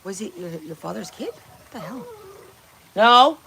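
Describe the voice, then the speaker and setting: A woman's voice: medium pitch, very animated, unhurried, creaky, pauses often, sharp tone, slight background noise. Blunt, foul-mouthed woman streaming from home. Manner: blunt, profane, teasing chat. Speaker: livestream host. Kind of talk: casual livestream chat. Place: home kitchen.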